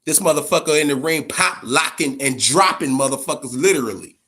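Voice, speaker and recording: Fairly high in pitch and brisk in pace, a man running a boxing channel chats informally on a live stream. He's animated and foul-mouthed and closes nearly every phrase with "man."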